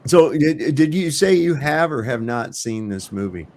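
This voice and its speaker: A man's voice: mid-range voice, normal speed. Male host, mid-range voice, casual profane storyteller, video-call sound. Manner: crude, profane, animated storytelling. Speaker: livestream host. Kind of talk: casual chat.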